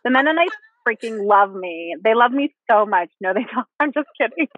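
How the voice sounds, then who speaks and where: A woman's voice: on the high side, lively intonation, moderate pace, no echo. Bubbly woman host on a tinny phone line. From Pennsylvania, USA. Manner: bubbly, laughs often, says "like" a lot. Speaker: podcast host. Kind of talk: casual interview chat.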